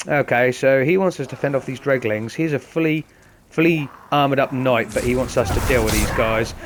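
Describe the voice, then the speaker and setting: A man hosts a game session, talking viewers through every move in a chatty, explanatory way. His voice sits at a medium pitch, and he speaks directly to the audience. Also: moderate pace, slight background noise. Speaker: gaming host. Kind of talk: casual let's-play commentary.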